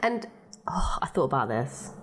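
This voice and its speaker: A woman co-hosting a podcast in casual chat, lively and chatty, often laughing. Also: rumbling low, moderate pace, slightly rough. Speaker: podcast co-host.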